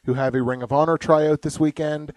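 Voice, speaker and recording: A man's voice: on the high side, fairly even intonation, fairly quick, a little mellow, no room sound. A man co-hosting a podcast in casual chat, rambling, swearing and joking. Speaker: podcast co-host. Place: home basement.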